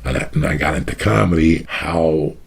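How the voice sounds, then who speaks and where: A middle-aged man, a comedian, telling profane, animated stories as a podcast guest. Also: a bass voice, normal speed, vocal fry, husky. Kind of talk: storytelling on a podcast.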